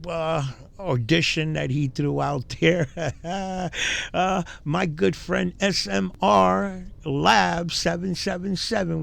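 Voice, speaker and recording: A man's voice: fairly high pitch, creaky. A man hosting casual commentary, rambling and mocking with frequent fillers. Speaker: commentary host.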